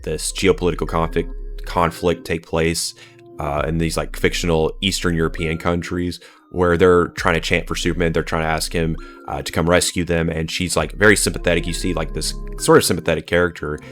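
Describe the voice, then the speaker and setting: A man's voice: low-pitched, steady tone, normal speed, fairly bright tone, faint music behind. A man giving a blunt, profane and scornful rant as a movie reviewer. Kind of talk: ranting film review.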